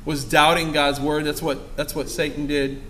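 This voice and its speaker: A man's voice: fairly high pitch, little pitch movement, normal speed, bright, forceful tone, slight background noise. A man preaching a fervent sermon as pastor to his congregation, rising to emphatic exclamations.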